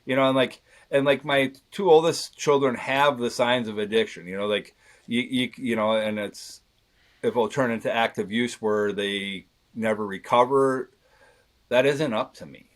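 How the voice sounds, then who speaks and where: A man in his thirties talks candidly as a podcast guest, earnest and rambling. He circles back and restarts his sentences often, at an ordinary pitch for a man. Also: normal speed. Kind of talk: candid conversation.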